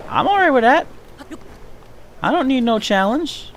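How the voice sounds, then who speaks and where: Animated, chatty male game streamer. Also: very high-pitched, a little slow, a little hiss or hum. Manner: chatty, talks to himself and chat while playing. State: hiccuping. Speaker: live streamer. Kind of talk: gameplay live stream commentary.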